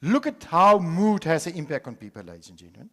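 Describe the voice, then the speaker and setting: An older man from South Africa giving a dramatic conference talk, swinging from loud storytelling to hushed asides. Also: a little high, sing-song, fast. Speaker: conference speaker. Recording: hall reverb.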